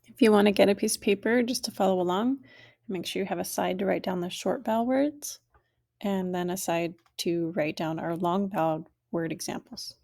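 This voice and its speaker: A woman teaching a language lesson, saying each word slowly and clearly and then repeating it. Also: mid-range voice, a little mellow.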